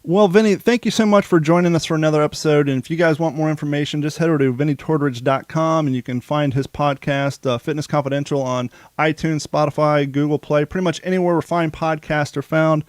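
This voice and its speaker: A man with a slightly high voice co-hosts a podcast in a loose, rambling way, often circling back and restarting his sentences. The sound is dry and close, with no room around it. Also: steady tone, fast, hardly any pauses, dry recording. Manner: rambling, self-interrupting. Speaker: podcast co-host. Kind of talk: casual podcast chat.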